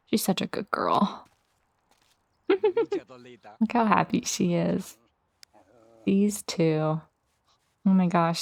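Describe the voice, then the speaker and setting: Woman host, low-ish voice, easygoing game commentary with asides to her characters. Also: darkish tone. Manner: chatty, talks directly to her game characters. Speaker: let's play host. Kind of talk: casual gameplay commentary.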